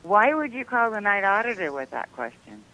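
A woman's voice: medium pitch, very animated, moderate pace, bright, forceful tone, rough recording. A woman working as a hotel night auditor, answering the phone in a curt, guarded and impatient way.

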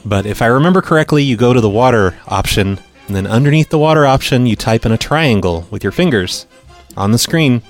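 A man's voice: mid-range voice, lively intonation, fairly quick, faint music behind. A middle-aged man hosting a podcast, chatting casually about pranks and reacting to voicemails with dry, sarcastic asides. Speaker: podcast host.

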